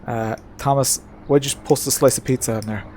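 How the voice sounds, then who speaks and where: Man, casual live-stream chat, mid-pitched voice, relaxed and chatty, lots of "uh"s, home racing rig, faint background noise. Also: brisk. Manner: relaxed and chatty, answers chat, many "uh"s and restarts. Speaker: streamer racing in a sim-racing league. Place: home sim-racing setup.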